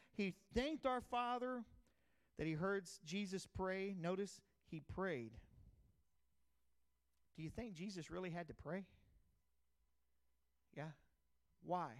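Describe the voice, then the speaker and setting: A middle-aged pastor, preaching a sermon in a conversational storytelling way, swinging from loud bursts to quiet asides. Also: male voice, high voice, unhurried, pauses often.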